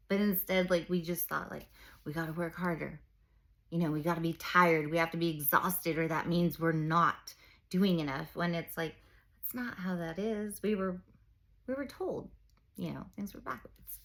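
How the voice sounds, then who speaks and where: A woman's voice: fairly low pitch, moderate pace, fairly bright tone. A woman in her forties talking openly about her own struggles and coaching other moms, an emphatic storyteller who acts out what people said. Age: 40s. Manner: open, emphatic storyteller, many fillers, acts out quoted speech. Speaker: mom coaching women through reinvention. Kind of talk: candid personal talk.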